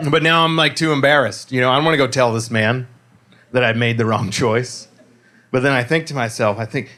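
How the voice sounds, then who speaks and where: A man doing a stand-up comedy set, rambling through stories with self-deprecating asides and sudden loud punchlines, on a handheld mic in a comedy club. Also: medium pitch, brisk.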